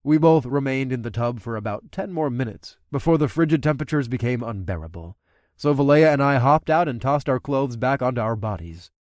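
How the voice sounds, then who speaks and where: Expressive male audiobook narrator. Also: medium pitch, brisk, no echo, studio quality. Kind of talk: scripted narration with character dialogue.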